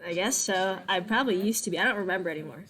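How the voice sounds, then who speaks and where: A woman's voice: mid-range voice, racing, fairly bright tone, natural voice. A woman voicing a cursed former noble man who talks hesitantly and trails off. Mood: wistful. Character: male former noble, cursed, forgetful and mild.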